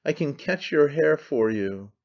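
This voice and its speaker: A man's voice: on the high side, animated, measured pace, vocal fry. A trembling, fervent man pours out accusations and pleas in a raised, urgent voice, voiced by an audiobook narrator. The sound is slightly dull and lo-fi. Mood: urging. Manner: pleading, accusing, intense. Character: frantic, impassioned man, trembling with zeal.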